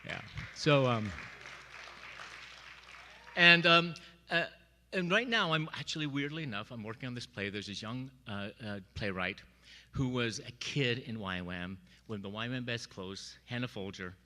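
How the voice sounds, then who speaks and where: A middle-aged man speaking at a memorial, telling personal stories in an animated way and acting out the voices he quotes. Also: mid-range voice, measured pace, in a large hall. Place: church sanctuary.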